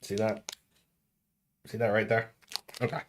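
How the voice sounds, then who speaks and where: A man's voice: fairly low pitch, unhurried, long pauses, a bit bright. A man streaming casually at home, chatting through a food tasting and dropping in Spanish words.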